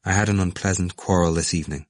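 A man's voice: low-pitched, fairly even intonation, fast, no room sound, studio quality, natural voice. A man reading a proud, defiant young male student with curt, clipped replies.

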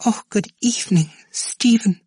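A man's voice: sits high, measured pace, darkish tone, husky, no room sound, pitched above the performer's own voice, exaggerated voice. A man reading a novel aloud, voicing a feeble, simple-minded old woman with a thin, whining voice.

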